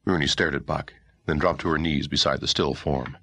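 A man narrating a historical novel audiobook in a measured, expressive storytelling manner. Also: very deep voice, husky, dry recording. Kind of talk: scripted narration.

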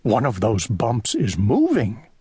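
A man voicing a fussy, kindly little male owl in a children's audiobook, in a high, excitable, sing-song voice. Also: slow, husky, no echo, studio quality, heavily acted. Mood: worried.

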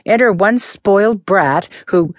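A woman's voice: medium pitch, measured pace, no room sound, pitched above the performer's own voice, close to an everyday voice. A woman voicing a cool-headed teenage boy in an audiobook, dry and mocking in her delivery. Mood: teasing.

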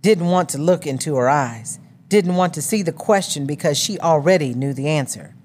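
A woman reading a novel as an audiobook narrator in a measured storytelling manner. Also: deep voice, a little mellow.

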